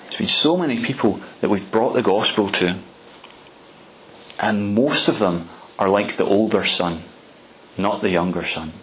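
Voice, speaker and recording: A man's voice: fairly low pitch, a little slow, pauses often, poor audio. A man preaching a storytelling sermon in a conversational way, often restarting and repeating words.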